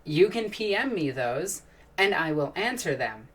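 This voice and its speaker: A woman's voice: low-pitched, big pitch swings, unhurried, distant mic. A woman hosting a casual live stream, chatting and answering questions from chat in a rambling, enthusiastic way, with frequent sighs and restarts.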